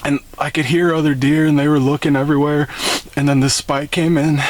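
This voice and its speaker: A young man telling a story on a phone call, excited and rambling with lots of fillers. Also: a little high, brisk, dry recording. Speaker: bowhunting vlogger.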